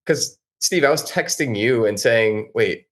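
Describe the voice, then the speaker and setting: A man appearing as a guest on a casual podcast, talking eagerly and chattily, sometimes in quick bursts. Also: mid-range voice. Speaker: podcast guest, band frontman.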